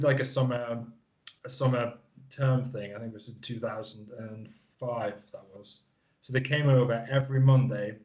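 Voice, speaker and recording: A man's voice: mid-range voice, darkish tone, lo-fi sound. A man in his thirties from the Isle of Man, a guest wrestler chatting casually and rambling with fillers. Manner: rambling, lots of fillers and restarts. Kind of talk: casual interview chat.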